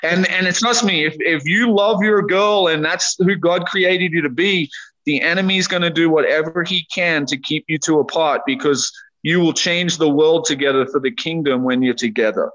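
An earnest man talks with casual, emphatic intensity in a faith podcast chat, slangy and direct. His voice sits a little high for a man. The audio is slightly dull and lo-fi. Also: normal speed, fairly bright tone. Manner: earnest, emphatic, says dude and man often. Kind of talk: candid faith podcast conversation.

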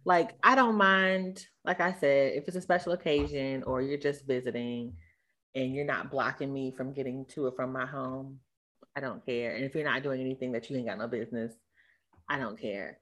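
A woman in casual chat, blunt and animated, talking in quick bursts. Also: extremely low pitch.

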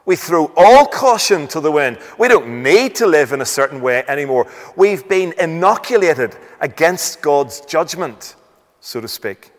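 A man's voice: fairly high pitch, very animated, unhurried, in a large hall. A man preaching a sermon, asking rhetorical questions, reading scripture aloud and stressing points emphatically.

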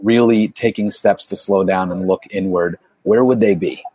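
Male interviewer, measured and thoughtful; low, husky voice in a dry room. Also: steady tone, warm tone, no echo. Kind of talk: interview questions.

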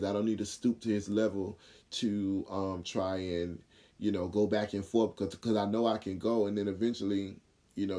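A man hosting his own talk show, casually retelling a personal run-in with lively acted quotes and fillers. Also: on the low side. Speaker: podcast host. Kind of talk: casual storytelling monologue.

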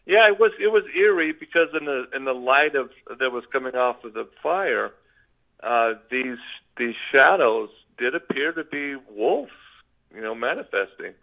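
Older guy telling a story over the phone, gravelly, rambly, tinny line. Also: medium pitch, animated, moderate pace. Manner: rambling, with frequent restarts. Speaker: guest.

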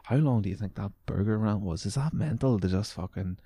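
A man's voice: fairly low pitch, a little fast, mellow, slightly rough, no echo. A young man, a podcast host ranting casually and sarcastically, swearing as he reads news items aloud.

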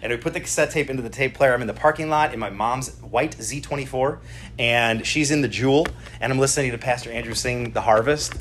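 A man's voice: mid-range voice, fast talker, fairly bright tone, slight background noise. A middle-aged man preaching a conversational sermon at a church service, often checking in with the congregation. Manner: chatty, keeps checking in with the congregation. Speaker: pastor.

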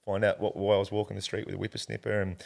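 A guest in a casual interview, this Australian man has a very low, gravelly, darkish voice and talks very fast in a monotone. He tells a long personal story earnestly and ramblingly, often calling the host "mate."

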